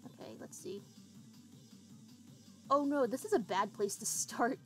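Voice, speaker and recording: Soft music plays behind a woman streamer who chats casually with viewers while setting up and playing a game. Her voice is fairly high and a little slow, and she swears offhandedly.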